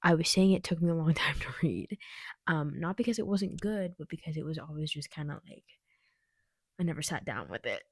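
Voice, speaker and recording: A woman's voice: deep voice, lively intonation, fairly quick, breathy edge, dry recording, studio quality. A young woman at home casually reviewing books she read, chatty and digressive, laughing often. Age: young adult. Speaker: book vlogger. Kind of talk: casual book review vlog. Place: at home, indoors.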